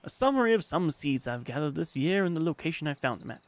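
Brief: a gravelly man commenting on a game stream, self-mocking, with a bouncy, animated delivery. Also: on the high side, fast talker. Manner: rambling, self-mocking, reads game text aloud.

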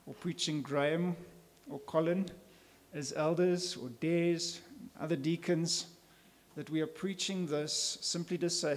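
Male pastor, slightly raised pitch, emphatic church sermon delivery. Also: steady tone, a little slow. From South Africa. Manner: earnest, emphatic preaching with rhetorical questions.

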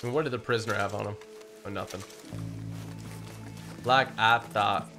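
A man's voice: on the low side, fairly even intonation, normal speed. A man giving casual gameplay commentary, chatting and thinking aloud as he plays. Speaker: gaming YouTuber. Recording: game music playing loudly underneath. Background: game music and horse sounds.

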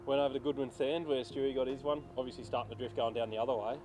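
A man's voice: mid-range voice, very fast. A young Australian man, a tournament angler, chatting casually and acting out sounds as he recaps his fishing day. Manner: animated storyteller, acts out sounds and quotes.

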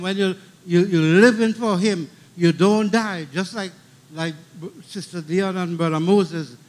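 A middle-aged man with a Trinidadian accent preaching a funeral sermon, emphatic and repeating key lines, calling out for amens. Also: fairly high pitch.

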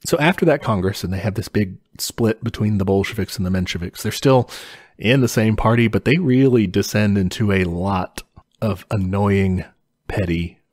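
A man with a somewhat low voice talks through history in casual podcast chat. He is laid-back, chuckles often and swears casually. The sound is dry and close, with no room around it. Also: no room sound. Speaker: podcast co-host explaining history.

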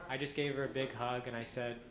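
A man performing a stand-up comedy set on a club stage, telling deadpan stories with acted-out quotes. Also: medium pitch, brisk. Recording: echoey club with audience noise. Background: audience laughter.

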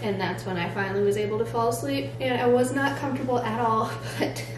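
A woman's voice: a little high, fairly even intonation, fast talker, background noise. A young pregnant woman chatting casually to a handheld camera as she runs errands and relaxes at home, full of "like" fillers. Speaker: vlogger. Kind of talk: casual vlog chat.

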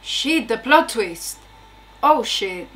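A woman's voice: on the high side, expressive, slow, fairly bright tone, soft background music. A young woman casually reacting aloud to a TV episode, exclaiming, swearing and laughing between remarks. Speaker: reaction video host.

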